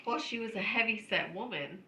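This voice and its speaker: A woman's voice: medium pitch, brisk, echoey room, a little hiss or hum, rough recording. A woman, co-hosting a podcast, telling funny family stories with lots of laughter. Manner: animated, laughs often while telling stories. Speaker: podcast co-host. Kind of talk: casual storytelling chat.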